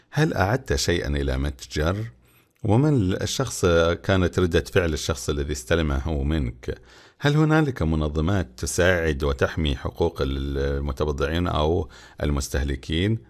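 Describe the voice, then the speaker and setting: An Arabic-native man teaches a textbook lesson in a very low, deep voice. He moves quickly, with a lively, animated pitch. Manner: explains each line, switching languages. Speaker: English teacher.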